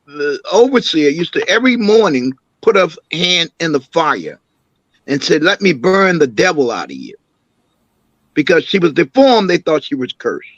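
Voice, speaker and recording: An older man, an imam and councilman, recounting family memories as an interview guest with an animated, storytelling manner. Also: a little high, no room sound, lo-fi sound. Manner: animated storyteller, acts out quoted voices.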